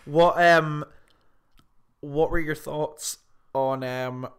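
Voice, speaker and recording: A man chatting casually, animated and sweary as he rants about a film. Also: a little high, very slow, smooth. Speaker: film podcast co-host. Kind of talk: casual chat.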